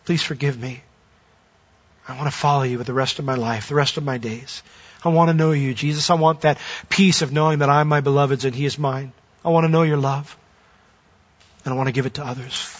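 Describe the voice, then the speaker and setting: A man preaching as a pastor, urging listeners earnestly and then leading a hushed closing prayer. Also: mid-range voice, steady tone, fairly quick, highs cut off.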